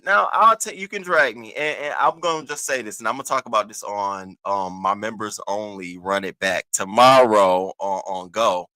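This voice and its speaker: Man, livestream host, loose profane chat, bright tone, dry room. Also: lowish voice, normal speed, few pauses, no echo. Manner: loose, profane, talks to chat viewers by name.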